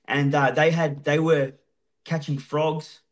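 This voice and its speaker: A man's voice: a little high, little pitch movement, slow. An Australian man telling stories casually as a podcast guest, swearing freely. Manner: swears freely, laid-back. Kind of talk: casual storytelling.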